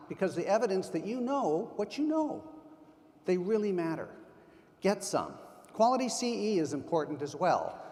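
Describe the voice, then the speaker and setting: A man's voice: fairly high pitch, darkish tone. Older man giving an emphatic conference talk. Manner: emphatic, anecdotal storyteller. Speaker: keynote speaker at a sales conference. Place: large conference hall. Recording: long hall reverb.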